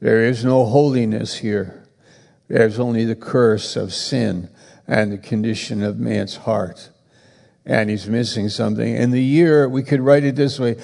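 A man preaching a sermon as pastor, halting and repeating words for emphasis, with a gravelly voice. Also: mid-range voice, fairly even intonation, darkish tone, big-room sound.

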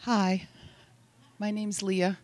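A woman's voice: mid-range voice, very slow, no room sound. A woman sharing a devotional thought in a casual, rambling way, often laughing. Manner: giggly, rambling, lively.

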